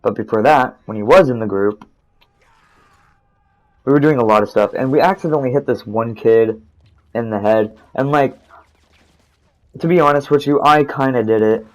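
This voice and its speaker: Teen boy, casual storyteller over gameplay, mid-pitched, rambling and foul-mouthed. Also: normal speed, long pauses, poor audio. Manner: rambling, profane, restarts often. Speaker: gaming storytime narrator.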